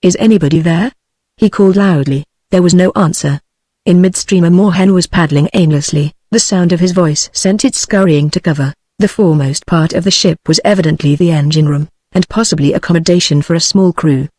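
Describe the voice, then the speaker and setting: A text-to-speech woman's voice with a British English accent, reading a novel aloud in an even, measured way. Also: lowish voice, no room sound. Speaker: audiobook narrator. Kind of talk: scripted narration.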